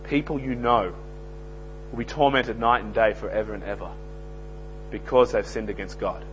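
A man's voice: fairly low pitch, fairly even intonation, normal speed. Emphatic preacher man, dull lo-fi sound. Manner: emphatic, swings from loud to hushed. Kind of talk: sermon. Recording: dull lo-fi recording with faint mains hum.

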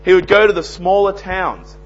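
A man's voice: high voice, moderate pace. An earnest young Australian man preaching an evangelistic sermon, telling plain-spoken anecdotes. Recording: dull lo-fi recording with faint hum.

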